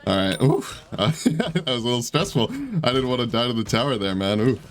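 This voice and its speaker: A man's voice: mid-range voice, lively intonation, fairly quick. A man giving casual gameplay commentary, chatty and self-deprecating as he thinks aloud about his moves. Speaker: gaming YouTuber.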